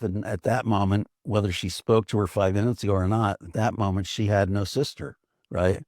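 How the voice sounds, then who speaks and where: A man's voice: deep voice, darkish tone, no room sound, studio quality. An older man, an author guest, telling a story in an earnest, reflective way, with frequent restarts. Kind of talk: reflective conversation.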